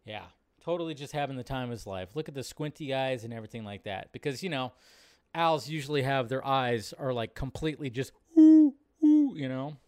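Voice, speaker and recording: A man hosting a live show in casual commentary, rambling between low mumbles and loud excited outbursts. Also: brisk, smooth. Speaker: show host.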